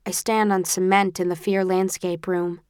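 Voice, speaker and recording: A woman narrating a first-person audiobook with a tense, expressive storytelling manner. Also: fairly low pitch, normal speed, clean tone, dry recording, studio quality.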